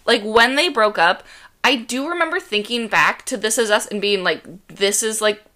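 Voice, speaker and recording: A woman's voice: a little high, normal speed, bright, forceful tone. A young woman co-hosting a podcast in casual chat, giggly and gushing with playful exaggeration. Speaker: podcast co-host.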